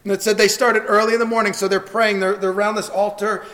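A man's voice: sits high, little pitch movement, quick pace, a bit bright. A man preaching a sermon as pastor, earnest and prone to repeating words as he starts phrases. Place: church sanctuary. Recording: long reverb of a church hall.

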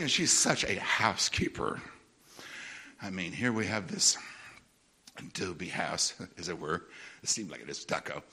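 A middle-aged man preaching a sermon, telling a story with humor, laughing often and mimicking other people in a high voice. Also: pushed and bright, slightly rough.

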